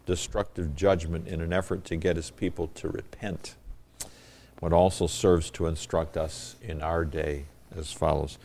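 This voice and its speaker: Deep-voiced man preaching a sermon. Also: a little mellow. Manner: reads scripture with rising emphasis, then explains it plainly; measured and earnest, with occasional fillers. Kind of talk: expository sermon with scripture reading.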